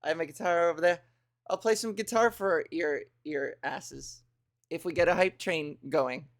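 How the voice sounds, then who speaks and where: A woman's voice: deep voice, moderate pace. A woman hosting a comedy livestream, chatting casually with viewers in a rambling, crude, playful way. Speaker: comedy streamer host.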